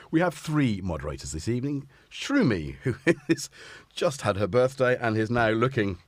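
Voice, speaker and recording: A man's voice: on the low side, no room sound. A man hosting a live synth stream in casual chat, rambling and self-deprecating, tired and a little sore-throated. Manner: rambling, self-deprecating, playful asides to his cats.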